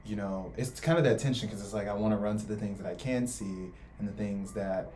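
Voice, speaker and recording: A man's voice: on the low side, a little fast, mellow, slight background noise. A young man who just finished college, speaking earnestly and reflectively in a casual faith discussion. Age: young adult. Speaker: co-host.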